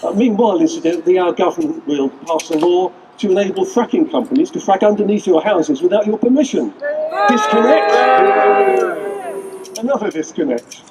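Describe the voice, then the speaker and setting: A man's voice: high-pitched, lively intonation, a little fast, background noise. A man giving an earnest, rallying speech at an outdoor street protest, using repeated lists. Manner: earnest, rallying, with list-like repetition. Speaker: rally speaker. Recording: distant voice with faint outdoor ambience.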